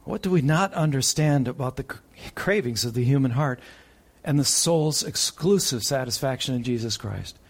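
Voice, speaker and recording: Preacher guy giving a sermon, bit husky, gets loud then goes real quiet. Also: mid-range voice, animated, moderate pace. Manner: preaching with sharp swings from loud urgent peaks to hushed tones.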